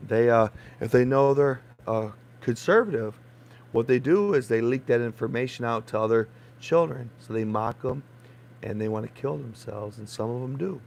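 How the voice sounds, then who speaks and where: A young man at home rambling in an agitated rant that keeps getting louder and more heated. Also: medium pitch, moderate pace, creaky, poor audio. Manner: agitated, repetitive, grows loud and heated. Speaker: vlogger. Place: home, indoors.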